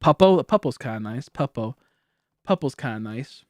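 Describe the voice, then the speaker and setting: A man's voice: mid-range voice, lively intonation, dry recording. Rambling young man streaming, dry close sound. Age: late 20s. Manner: rambling, laughing, loose and slowed. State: a little high. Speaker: livestreamer. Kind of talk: casual livestream chat reading donations. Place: home streaming setup. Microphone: high-end studio microphone.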